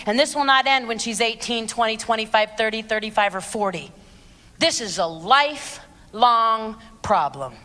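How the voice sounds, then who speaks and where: A woman in her forties delivers a fiery speech to teenagers and parents. Her voice is high and sharply bright, and it sounds blunt, sarcastic and emphatic. The sound carries a long reverb from a large hall. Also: animated, normal speed. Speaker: abstinence speaker. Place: large hall with a live audience.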